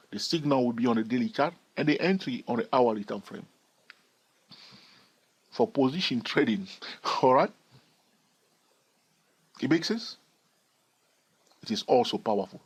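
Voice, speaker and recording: A man with a husky voice walks through a chart analysis lesson on trading. His pitch swings widely as he stresses points, and he repeats key phrases for emphasis. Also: expressive, normal speed, pauses often. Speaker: trading educator.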